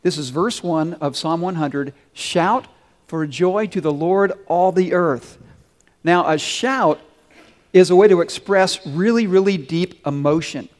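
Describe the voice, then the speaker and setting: High-voiced pastor in a reverberant hall. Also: male voice, measured pace. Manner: earnest, leads the congregation in call-and-response. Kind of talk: sermon. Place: large church sanctuary.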